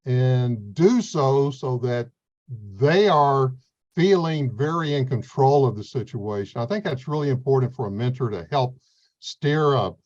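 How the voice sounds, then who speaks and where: Earnest plain-spoken man, slightly dull sound. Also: mid-range voice. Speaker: veterans court mentor coordinator. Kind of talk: explanatory interview answers.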